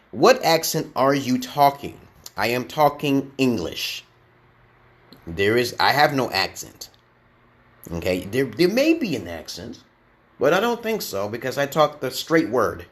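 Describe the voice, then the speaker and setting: A man's voice: on the low side, fairly bright tone. A man streaming casually as an online English teacher, who rambles and lectures, tags his sentences with "okay?" and answers viewer comments.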